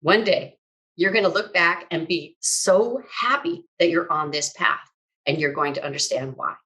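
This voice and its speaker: A woman quoting a kind, upbeat older male mentor in a warm, coaxing, reassuring way. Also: lowish voice, lively intonation, moderate pace, poor audio. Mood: gentle, soothing.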